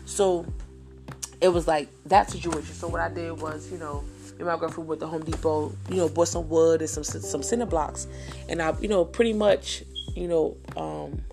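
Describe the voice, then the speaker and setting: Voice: mid-range voice, gravelly, darkish tone. A speaker telling a personal story in a casual, heated, profane way, often repeating phrases. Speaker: vlogger.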